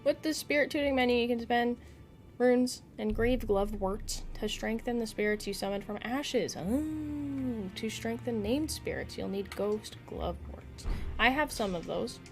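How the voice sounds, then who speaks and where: A woman's voice: on the high side, unhurried, soft background music. A woman streamer chatting casually and playfully while she plays a video game. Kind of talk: casual gaming stream chat.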